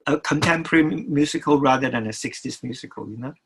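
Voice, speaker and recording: Heard on a rough recording, the older record producer has a mid-range, husky voice with vocal fry and a slightly bright edge. As an interview guest he stumbles along, restarting often and saying words twice.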